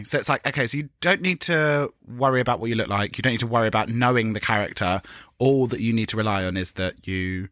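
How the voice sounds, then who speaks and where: Lively, giggly man chatting. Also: mid-range voice, brisk, no room sound, studio quality. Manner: animated, giggly, swears freely. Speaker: podcast co-host. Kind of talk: casual chat.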